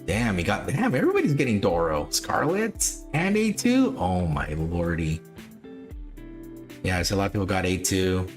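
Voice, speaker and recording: Low-voiced man rambling through a livestream. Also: very animated, normal speed, faint music behind. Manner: rambling and repetitive, frequent chuckles. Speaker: livestream host. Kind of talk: casual livestream commentary.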